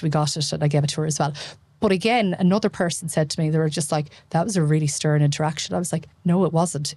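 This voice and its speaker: A middle-aged Irish woman, an emergency medicine consultant, telling stories in an animated way and acting out the dialogue as a podcast guest. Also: low voice, no room sound. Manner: animated storytelling, acts out quoted dialogue. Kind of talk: casual interview chat.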